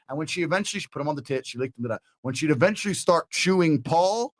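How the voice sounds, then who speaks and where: A man in his thirties, a podcast guest, telling a story with animated energy, swearing freely and acting out the people in it. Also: fairly high pitch, very fast, few pauses, no room sound. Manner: acts out quoted voices, swears freely.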